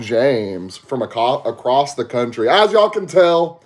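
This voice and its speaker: A man's voice: medium pitch, sing-song, unhurried, few pauses. A young man from Texas with a Southern accent, hosting a podcast livestream and chatting casually with viewers through a headset mic. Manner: laid-back, slangy, talks to chat. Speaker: podcast host.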